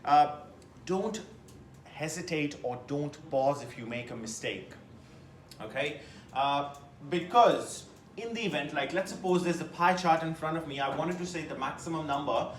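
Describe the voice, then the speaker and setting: Animated male teacher in an echoey classroom. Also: on the high side, normal speed, slight background noise. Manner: lively, emphatic, asks the class questions. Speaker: test-prep teacher. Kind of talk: classroom lecture.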